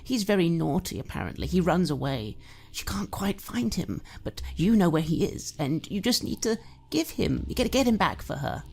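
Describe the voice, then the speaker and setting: A woman's voice: on the low side, very animated, moderate pace, vocal fry, darkish tone, breathy edge, voice pushed up, full character voice. A woman voicing a tipsy, doting, sinister mother who coos, stammers and drops into whispers. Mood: wheedling.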